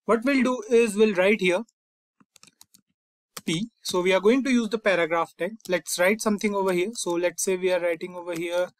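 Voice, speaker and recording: A young man hosting a coding tutorial, calmly walking through each step and often saying "fine" and "over here". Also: sits high, normal speed. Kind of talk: screen-recorded coding lesson.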